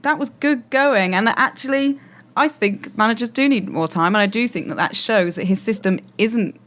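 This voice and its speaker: A woman on a sports talk panel, giving her opinion in a measured, reasoning way. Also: a little high, fairly bright tone. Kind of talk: casual sports debate.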